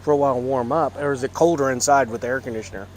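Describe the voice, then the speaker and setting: A man's voice: mid-range voice, racing. Rambling man commentating outdoors. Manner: rambling, filler-heavy, chatty. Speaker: livestream commentator. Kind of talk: casual live commentary. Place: outdoors at a golf course at night.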